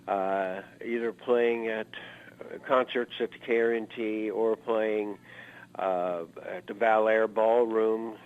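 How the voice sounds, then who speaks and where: A man in his seventies spins long, meandering stories, leaning on "uh" and "you know" as he goes. His voice sits fairly low. The sound is thin and narrow, like a phone line. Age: 70s. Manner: rambling, anecdotal, lots of "uh" fillers. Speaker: guest musician. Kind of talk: reminiscing interview storytelling. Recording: narrow phone-like interview audio.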